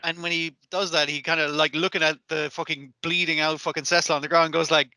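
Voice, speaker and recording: A man hosts a podcast in loose, sweary chat. His voice is bright and forceful, pitched a little high. The sound is dry and close, and he keeps breaking into character lines. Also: fairly even intonation, quick pace, few pauses, no room sound. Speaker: podcast host. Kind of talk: casual chat.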